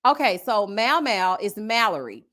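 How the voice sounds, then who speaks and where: A woman with a Southern US accent hosting a casual live-stream review, reading viewer comments and answering with sassy, animated asides. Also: medium pitch, normal speed. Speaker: reality TV review host. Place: home setup with a desk mic.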